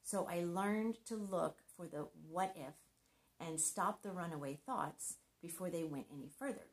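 Speaking a little slowly, a middle-aged woman delivers a scripted devotional on marriage in a fairly low voice. Her manner is sincere and conversational, with touches of gentle humor.

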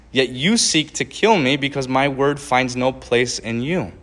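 A man giving a sermon, reading scripture verses aloud with rising emphasis and then explaining them in a looser, conversational way. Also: mid-range voice. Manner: reads verses with rising emphasis, then comments with small laughs and restarts. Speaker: preacher.

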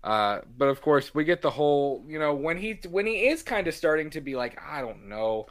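A young man in casual podcast chat, recapping a film scene by scene. His pitch rises and falls a lot, and he jumps into bits of quoted dialogue. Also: normal speed, dry recording. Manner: animated, acts out quotes from scenes. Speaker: podcast co-host. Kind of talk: casual movie discussion.

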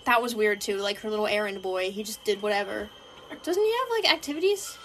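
A young woman co-hosting a casual chat, animated and laughing often, now and then slipping into mock voices. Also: mid-range voice, fairly quick.

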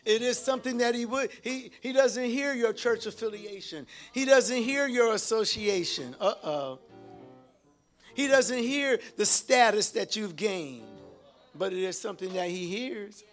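A man's voice: high voice, animated, unhurried, soft background music. A man preaching a sermon, reading scripture and calling out to the congregation for responses. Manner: exhorting, calls out to the congregation.

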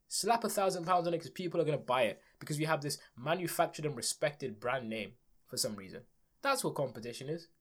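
A young man hosting a solo political podcast, ranting in a sarcastic, emphatic way. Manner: ranting, sarcastic, emphatic with big swings in pitch and loudness. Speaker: podcast host.

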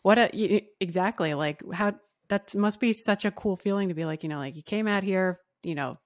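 A woman's voice: medium pitch, fairly quick, no room sound, studio quality. A woman hosting a podcast interview, chatty, asking long questions full of fillers. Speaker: podcast host.

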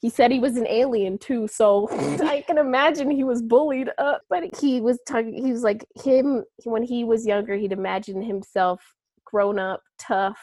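A woman's voice: on the high side, normal speed, mellow, no room sound. A young woman co-hosting a casual chat, talking chattily with lots of fillers and frequent laughs.

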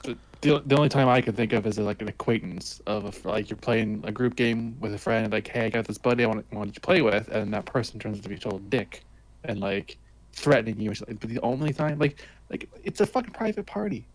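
A man with a fairly low voice chats casually on a podcast. He swears and jokes easily. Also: fairly quick, rough recording. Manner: profane, joking. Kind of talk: casual chat.

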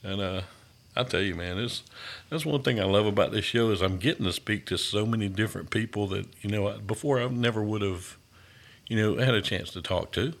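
A man's voice: lowish voice, fairly quick, creaky. A man hosting a podcast interview in an easygoing, enthusiastic way, often saying "man". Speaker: podcast host. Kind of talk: casual interview chat.

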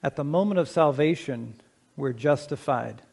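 Measured, slightly high-voiced male pastor. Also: vocal fry, a little mellow, breathy edge. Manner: measured, slows to stress key points; conversational, asks the congregation questions. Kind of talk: sermon.

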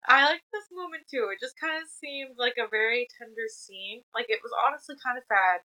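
A woman co-hosting a casual book discussion, recapping the plot in a relaxed, laughing way. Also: fairly high pitch, brisk, rough recording. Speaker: podcast co-host.

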